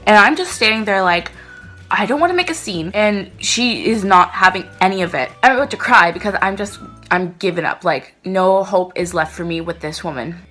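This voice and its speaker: Bright-voiced young woman telling a story. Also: mid-range voice, normal speed, soft background music. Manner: animated, dramatic retelling. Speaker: vlogger. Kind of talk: storytime vlog.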